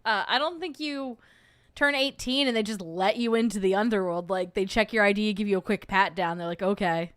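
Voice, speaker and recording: A woman's voice: medium pitch, fairly quick, fairly bright tone, dry recording, clean studio sound. A young adult woman hosting a livestream, chatting casually and joking in rambling asides while reacting to a video. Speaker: host.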